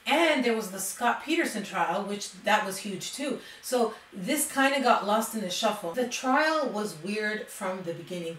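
A woman's voice: medium pitch, fairly bright tone. A woman hosting a true crime video, telling the story casually and reading out quotes. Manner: chatty, reads quotes aloud, frequent "like". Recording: roomy, distant mic with faint noise.

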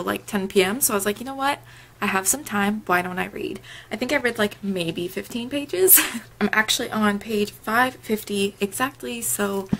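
A woman's voice: mid-range voice, fairly bright tone, a little hiss or hum. A young woman chatting casually in a reading vlog from home, giggly and gushing, on a camera mic. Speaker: book vlogger.

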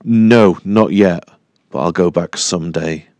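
A man's voice: low-pitched, a little slow, a little mellow, dry recording. A man voicing an adult scarred loner who talks in a plain, guarded, friendly way in an audiobook.

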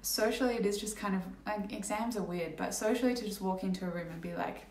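A woman's voice: medium pitch, fast talker, few pauses, a little mellow, distant mic. A young woman vlogging casually to camera, rambling a little with fillers and restarts as she talks through an experience. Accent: Australian. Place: indoor room at home. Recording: echoey room, slightly off-mic.

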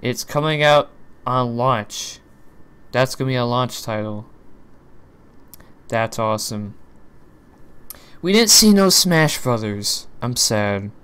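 A young man reacting live to a video presentation, excitable, shouting, swearing and gasping. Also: medium pitch, takes it slowly, long pauses, clean tone.

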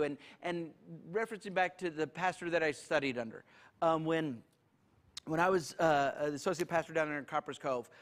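Folksy joking pastor, drawl. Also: male voice, a little high. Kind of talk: church Q&A teaching.

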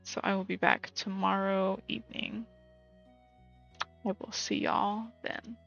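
A woman's voice: medium pitch, level tone, measured pace, gravelly, a bit bright. A woman streaming a game, chatting casually and muttering to herself, sometimes dropping to a whisper. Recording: slightly muffled lo-fi stream audio. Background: faint game music.

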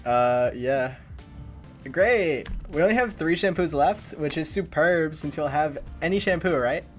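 A man's voice: a little high, animated, a little slow, soft background music. A man doing a ditzy valley-girl clerk. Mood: airheaded. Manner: valley-girl drawl, filler "like". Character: ditzy bored young female store clerk.

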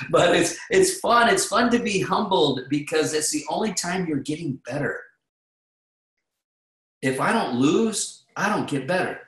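A man, a vocal coach guest on a podcast, telling casual stories in an animated way with frequent restarts. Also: a little high, a little slow, roomy sound, poor audio.

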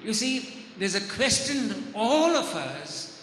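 Very high-voiced preacher in an echoey hall. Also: male voice, very animated, takes it slowly, fairly bright tone, slight background noise. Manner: earnest, repeats and restarts words. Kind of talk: sermon teaching.

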